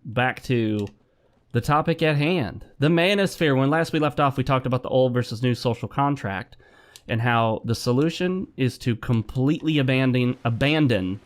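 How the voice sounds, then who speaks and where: A man's voice: mid-range voice, moderate pace. A man talking through a video game in a loose, chatty way, with an ordinary mid-range voice. He drifts between musing and frustrated rants at the game's controls. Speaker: gaming commentator. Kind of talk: let's play commentary.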